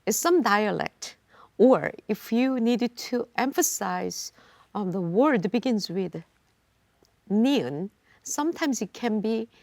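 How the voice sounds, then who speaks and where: Slow, measured woman. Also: medium pitch, darkish tone, dry recording. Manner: measured, thoughtful, with filler pauses. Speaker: roundtable panelist, diction clinician. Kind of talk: explaining diction at a panel discussion. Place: video studio.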